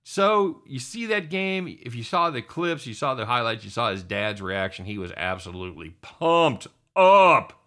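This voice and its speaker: A middle-aged man hosting a sports talk show, excitable and chatty, often calling his co-host by name. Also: medium pitch, unhurried.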